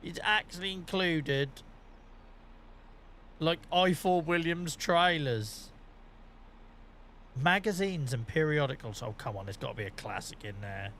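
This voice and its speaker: A man's voice: fairly high pitch, expressive, a little slow, long pauses, a bit bright, slight background noise. A man giving casual, joking commentary while streaming a farming game, rambling and laughing often.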